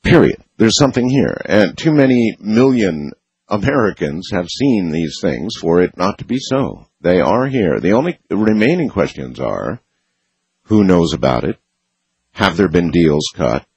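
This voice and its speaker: A man hosting a late-night call-in radio talk show, speaking in a slow, deliberate, emphatic way. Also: sits low, sing-song, a little mellow, slightly rough, no room sound. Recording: dull lo-fi radio studio sound.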